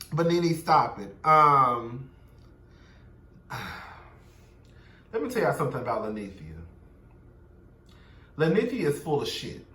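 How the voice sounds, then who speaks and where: Sassy high-voiced man recapping reality TV. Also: a bit bright, echoey room, far from the mic. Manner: sassy, blunt, profane gossip with quoted voices. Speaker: show recap commentator.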